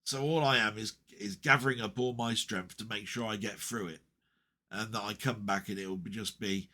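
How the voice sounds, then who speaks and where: A man's voice: on the low side, normal speed, bright, forceful tone. A middle-aged man talking casually and rambling to camera about his week, heartfelt, with many fillers and restarts. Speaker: vlogger.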